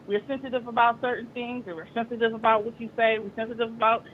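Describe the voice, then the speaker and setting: A woman's voice: a little high, quick pace, a little hiss or hum. Mother telling a story, dull lo-fi sound. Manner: animated, stumbling restarts, acts out dialogue. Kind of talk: casual storytelling chat.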